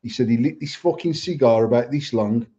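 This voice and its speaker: A British man with a British accent co-hosting a live show, telling sweary, animated stories in casual banter. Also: mid-range voice, brisk. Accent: British English. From England. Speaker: podcast co-host. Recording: dull lo-fi sound with faint noise.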